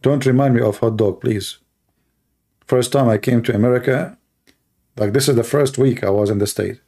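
Gravelly, husky man. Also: mid-range voice, normal speed, dark tone. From Middle East. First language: Arabic. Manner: sarcastic, mocking. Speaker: Christian apologist. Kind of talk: mocking commentary and anecdotes.

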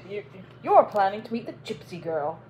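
A brooding older priest hidden under a dark cape, menacing and secretive, played by a woman reading a storybook. His words come low and controlled, with a threat behind them. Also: sing-song, normal speed, a little hiss or hum, close to an everyday voice, rough recording.

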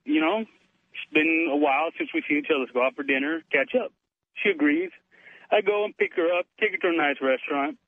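A man's voice: a little high, brisk, no echo. Boastful male caller on a tinny phone. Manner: boastful, chatty, keeps saying dude. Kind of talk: phone-in storytelling. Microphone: telephone.

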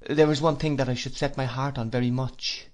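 A man reading an audiobook, voicing a gentle, earnest young woman who speaks softly and steadily. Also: medium pitch, steady tone, fairly quick, voice pushed up, close to an everyday voice.

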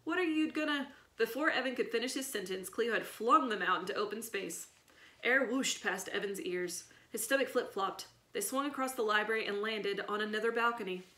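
A woman reading a children's chapter book aloud in an expressive storytelling manner. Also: medium pitch, fairly quick. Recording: echoey room.

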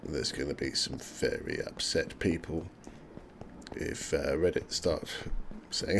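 A man with a sore throat and a croaky, gravelly voice, chatting casually and swearing freely as he comments on his own gameplay. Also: very deep voice, slow pace, a little hiss or hum. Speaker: let's play host.

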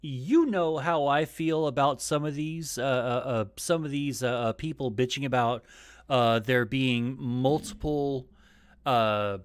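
A man's voice: mid-range voice, measured pace, clean tone. A man hosting a casual gaming news chat on a live stream, rambling and stumbling with many fillers and a lot of swearing. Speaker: podcast host. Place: home setup, live stream.

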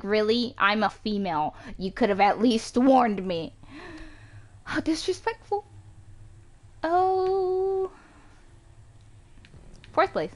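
Excitable woman streaming a racing game. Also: mid-range voice. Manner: excitable, yelps and groans at the race. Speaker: gaming streamer. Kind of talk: live gameplay commentary. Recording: home mic with some static.

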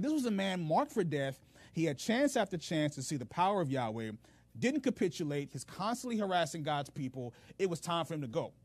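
A man hosting a faith podcast, retelling scripture in an animated, humorous way with casual slang. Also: a little high, no room sound. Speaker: podcast host, Bible teacher. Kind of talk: casual Bible teaching.

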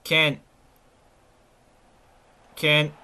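A man with a Scottish accent giving live, foul-mouthed gameplay commentary, swinging between excited yelling and glum muttering. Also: fairly high pitch, extremely slow, smooth. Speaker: gaming channel host.

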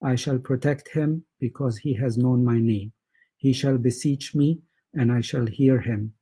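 Dark, husky man reading church prayers. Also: medium pitch, unhurried, poor audio. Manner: steady, even recitation with repeated chanted responses.

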